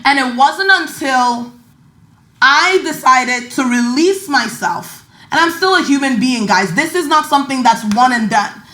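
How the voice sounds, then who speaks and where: A woman's voice: sits high, lively intonation, a little slow, sharp tone, echoey room. A woman with a slight Nigerian accent hosting a podcast, giving an emphatic, chatty motivational talk about money and mindset. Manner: emphatic, chatty, repeats words for stress. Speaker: podcast host and finance coach.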